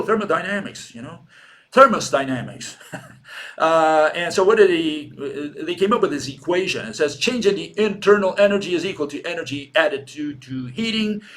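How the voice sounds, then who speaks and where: A man's voice: a little high, fairly bright tone. A man with a Latin American Spanish accent giving an informal lecture, sardonic and argumentative, firing off rhetorical questions and mocking the people he quotes.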